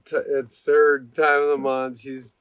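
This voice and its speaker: Slow-talking blunt man. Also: medium pitch, little pitch movement, fairly bright tone, smooth, dry recording. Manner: blunt, profane, laughs at himself. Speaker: climber telling his story. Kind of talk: casual interview chat.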